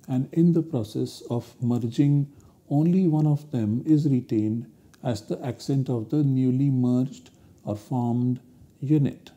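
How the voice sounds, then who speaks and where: A man's voice: mid-range voice, mellow. A man giving a university lecture, explaining step by step in a methodical way.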